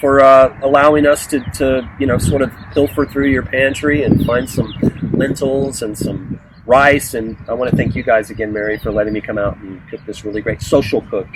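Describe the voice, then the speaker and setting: A man talks through a cooking demonstration step by step. His voice sits at a middling pitch for a man, easygoing and conversational. He keeps turning to the viewers as "guys" while he explains what goes into the pot. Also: fairly even intonation, normal speed, very noisy. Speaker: guest cook.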